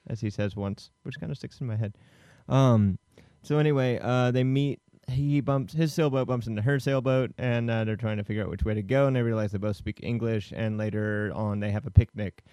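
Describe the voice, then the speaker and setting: A man's voice: medium pitch, fairly quick, hardly any pauses, mellow, smooth, no echo. A man co-hosting a casual film podcast, retelling the plot in a rambling way with many fillers. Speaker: podcast co-host.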